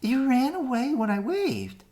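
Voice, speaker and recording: A woman reading as a jittery young bird girl who keeps asking if anyone is mad at her. Her pitch runs high above the narration and swings widely. The pace is slow and careful. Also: wildly swooping pitch, warm tone, heavily acted. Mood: worried. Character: anxious little bird girl, worried, jittery.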